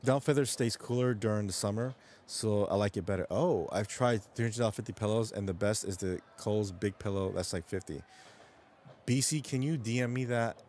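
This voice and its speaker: Casting: rambling, profane streamer guy from New York, low-ish voice, casual chat with chat. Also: moderate pace, darkish tone, slight background noise. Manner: profane, rambling, restarts sentences. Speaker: livestream host.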